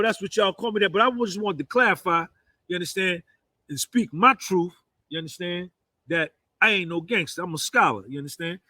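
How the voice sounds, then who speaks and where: A man's voice: high voice, pushed and bright, no echo. A man in his fifties with a New Jersey accent, delivering a boastful, rambling monologue full of "man" and "you understand". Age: 50s.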